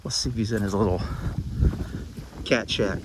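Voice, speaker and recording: A man's voice: lowish voice, very noisy. A man vlogging casually about his projects and his cat, rambling and profane. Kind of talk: casual chat. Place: outdoors by a yard and cat shack.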